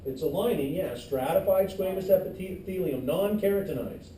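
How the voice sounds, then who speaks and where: A man's voice: sits high, animated, normal speed, mellow, a little hiss or hum. A middle-aged male teacher giving a classroom lecture, quizzing the class and cracking jokes, recorded from far off in an echoey classroom. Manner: joking asides, quizzes the class.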